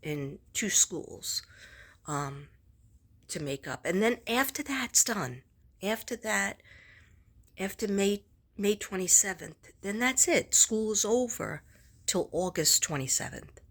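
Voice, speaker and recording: A woman's voice: medium pitch, lively intonation, slow, fairly bright tone. A woman vlogger and psychic reader chatting casually to the camera, rambling with many restarts and asides, sometimes dropping to a near whisper.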